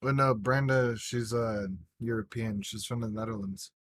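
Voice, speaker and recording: A man's voice: medium pitch, steady tone, moderate pace, fairly bright tone, no room sound. Tipsy swearing man telling stories. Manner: rambling, heavy swearing, tipsy. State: drunk. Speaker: podcast co-host. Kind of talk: casual chat.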